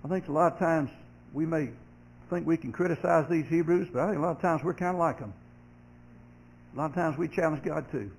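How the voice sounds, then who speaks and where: High-voiced man preaching a sermon. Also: brisk, gravelly, pauses often, low-quality recording. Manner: earnest preaching, rising loud when quoting complainers. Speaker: pastor.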